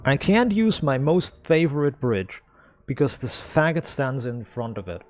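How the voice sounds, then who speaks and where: A man's voice: medium pitch, sing-song, a little slow. A man streaming a game, ranting in exasperation, swearing a lot and stammering as he repeats himself. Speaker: gameplay streamer. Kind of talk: live gameplay commentary.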